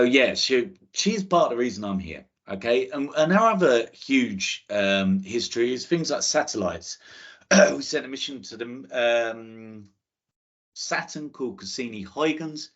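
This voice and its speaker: A man's voice: medium pitch, animated, a little slow, fairly bright tone, lo-fi sound. A man giving an enthusiastic, chatty online talk to students about space careers, often checking in with "okay?". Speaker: guest speaker on space careers.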